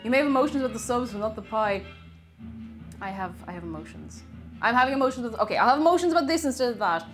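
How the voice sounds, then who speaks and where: A woman hosting a casual livestream, chatting excitably and thanking her viewers. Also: on the high side, quick pace, faint music behind. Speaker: livestream host.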